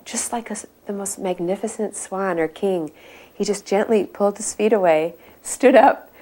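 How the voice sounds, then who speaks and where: A woman recounting a memory in a loose, chatty telling full of fillers and restarts. As she goes on, her voice climbs higher and gets more animated. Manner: conversational, rises to excited high pitch as the story builds. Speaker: devotee recalling memories. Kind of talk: personal storytelling reminiscence.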